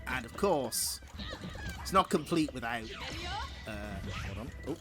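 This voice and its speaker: A man's voice: medium pitch, animated, unhurried. A man streaming a fighting game, joking wryly and giggling as he plays. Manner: giggly, wry. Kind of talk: casual gaming commentary. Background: game music.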